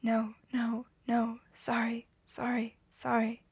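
A woman reading the few words of a traumatized, frightened man in a faint, breathy whisper. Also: on the high side, flat delivery, takes it slowly, no echo, exaggerated voice. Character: traumatized, frightened man who barely speaks.

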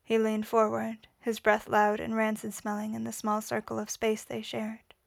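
A woman reading a story aloud in a quiet, measured voice, whispering the dialogue. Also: on the high side, monotone, vocal fry, dry recording, clean studio sound. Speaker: reader. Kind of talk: audiobook reading of fan fiction.

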